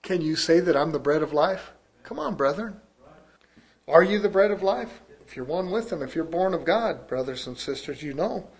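A man preaching a sermon, reading scripture slowly and loudly, then dropping to quiet asides with chuckles. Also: fairly high pitch, animated. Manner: reads scripture in slow, drawn-out emphasis.

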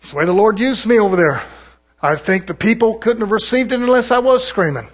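A pastor with a high voice preaches to his congregation. The man is folksy and conversational. He drops into quick imitations of other preachers. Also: expressive. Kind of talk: sermon.

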